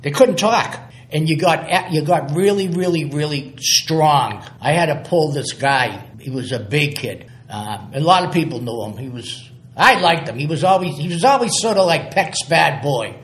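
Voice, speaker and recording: A man's voice: a little high, expressive, normal speed, few pauses, a bit bright. A man, a guest telling stories in a casual interview, rambling and repeating words as he acts out old conversations. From Somerville, Massachusetts. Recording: echoey room.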